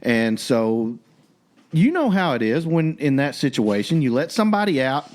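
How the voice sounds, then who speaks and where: An animated podcast co-host tells a story in a casual storytelling style, his voice medium-pitched and his pace moderate.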